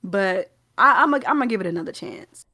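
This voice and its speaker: A woman's voice: mid-range voice, expressive, brisk, bright, forceful tone, dry recording, clean studio sound. A young woman with a Southern US accent, co-hosting a gaming podcast in casual, rambling chat full of fillers and restarts. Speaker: podcast co-host.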